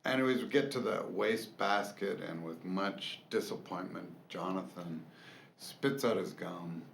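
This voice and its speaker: A man telling a funny family story in a casual chat, animated and often laughing as he talks. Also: sits low, unhurried, gravelly. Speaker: co-host sharing family stories. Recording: echoey room with faint hiss.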